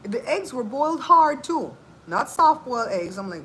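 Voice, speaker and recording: A woman's voice: high-pitched, moderate pace, slight background noise, low-quality recording. A woman hosting a cooking channel, talking in a casual, sassy, chatty way. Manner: animated, chatty, sassy asides. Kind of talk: casual chat.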